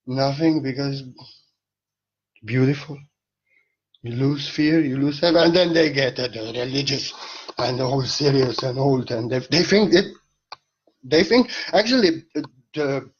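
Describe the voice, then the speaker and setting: Husky, irreverent man with a raised voice. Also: on the high side, lo-fi sound. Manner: playful and irreverent, swears casually. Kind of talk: spiritual monologue.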